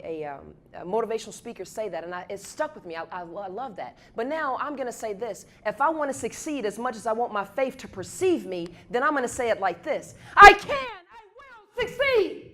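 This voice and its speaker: A woman gives a motivational talk at a university event, leading the audience in a repeated chant and building up to shouts. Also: a little high, lively intonation, a little fast, few pauses. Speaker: guest speaker.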